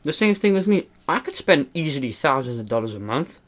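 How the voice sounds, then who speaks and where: A man's voice: fairly high pitch, big pitch swings, fairly quick, fairly bright tone. A young man hosting a mukbang vlog, talking to the camera in a rambling, earnest way and often calling his viewers "man". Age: young adult. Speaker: mukbang vlogger. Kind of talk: casual talk to camera while eating.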